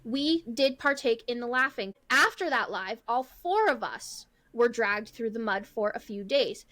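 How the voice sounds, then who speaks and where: A woman's voice: fairly high pitch, animated, a little slow, a bit bright. Blunt, emphatic woman podcast co-host. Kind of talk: casual podcast chat.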